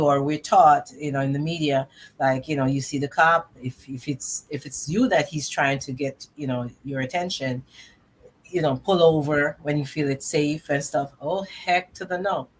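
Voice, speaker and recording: A woman co-hosting a casual online panel discussion, talking in an animated, candid way. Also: low-pitched, moderate pace, a little hiss or hum. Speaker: co-host.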